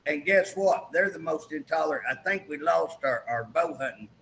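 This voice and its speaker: High, bright-voiced emphatic male host. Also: expressive, normal speed, creaky, a little hiss or hum, rough recording. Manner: emphatic, repetitive storyteller acting out quotes. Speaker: talk show host. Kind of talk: political talk show chat.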